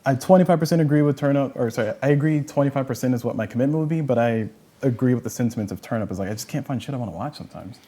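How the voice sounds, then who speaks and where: A man's voice: medium pitch, rapid-fire, warm tone. A man hosting a casual livestream panel chat, rambling and correcting himself with lots of fillers. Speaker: host.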